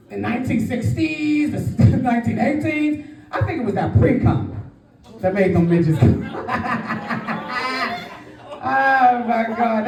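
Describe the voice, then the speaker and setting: A woman doing a live stand-up comedy set in a club, brash and working the crowd. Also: fairly high pitch. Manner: brash crowd work, calling out to the audience. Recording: roomy live sound, distant from the mic. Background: faint audience crowd.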